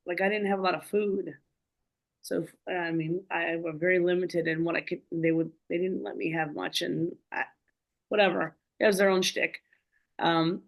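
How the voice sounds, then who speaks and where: A woman telling her story in a casual, animated way, rambling with many fillers. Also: fairly low pitch, vocal fry, poor audio. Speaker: guest speaker.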